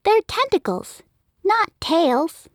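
Brief: a woman doing a small girl, high and pleading, stubborn, dry close sound. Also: very animated, slow pace, no room sound, full character voice. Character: young girl, stubborn and protective. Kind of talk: audiobook character voice.

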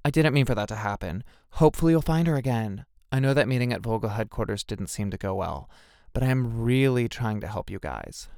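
A man voicing a cheery, double-dealing young woman who talks brightly and pleads when caught, in a storybook reading. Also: mid-range voice, expressive, a little fast, gravelly, no room sound, clean studio sound. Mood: pleading.

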